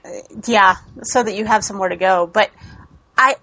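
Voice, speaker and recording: A woman co-hosting a casual podcast chat, upbeat and quick to laugh. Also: mid-range voice, bright, forceful tone, low-quality recording. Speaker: podcast co-host.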